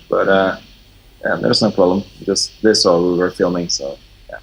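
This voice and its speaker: Male guest, English, low-pitched, hesitant with lots of fillers. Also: fairly bright tone, husky, low-quality recording. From Norway. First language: Norwegian. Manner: halting, many fillers, searches for words. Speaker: guest filmmaker. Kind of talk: casual interview chat.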